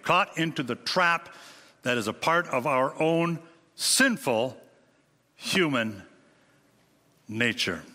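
Male preacher, fairly high and forceful, emphatic sermon delivery in a reverberant church hall. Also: sing-song, slow pace, long pauses. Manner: emphatic, with dramatic swings in pitch and rhetorical questions.

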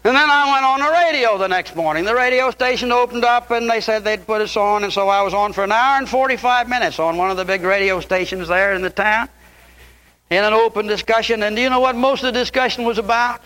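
An older man preaching a fiery sermon, swinging from loud impassioned peaks down to low, quiet asides. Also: quick pace.

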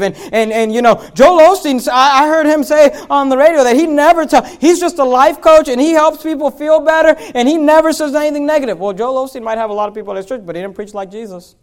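A pastor preaching a sermon, swinging from loud emphatic lines to quiet asides and reading scripture in slow, drawn-out phrasing. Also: male voice, very high-pitched.

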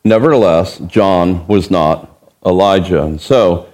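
A man's voice: sits low, a little slow, darkish tone. A man preaching an expository Bible sermon as pastor. He is emphatic, asks the listeners rhetorical questions and acts out the verses he quotes.

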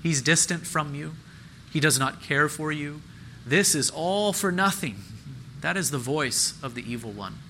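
A man's voice: fairly high pitch, a little slow, sharp tone, a little hiss or hum, low-quality recording. A man preaching a sermon as pastor, earnest and emphatic, repeating key phrases and lifting his voice on questions.

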